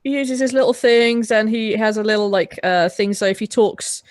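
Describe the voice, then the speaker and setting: A woman's voice: on the high side, normal speed, dry recording. Woman reviewing a movie w friends, sarcastic and sweary, dry close sound. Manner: sarcastic, swears, stumbles and restarts. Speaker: podcast co-host. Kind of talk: casual movie review chat.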